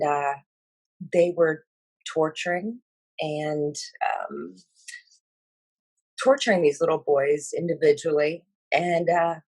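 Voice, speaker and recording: Breathy woman telling her vision, slow and halting, lots of ums, dry close sound. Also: low voice, a little mellow, dry recording. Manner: slow and halting, with many fillers; emotional and earnest. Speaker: speaker sharing a spiritual vision. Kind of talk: personal account of a vision.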